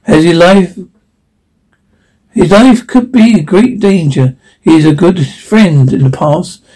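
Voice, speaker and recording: A man's voice: high-pitched, takes it slowly, dark tone, full character voice, rough recording. A man reading as a solemn ancient master. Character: ancient mysterious male monastery master, commanding.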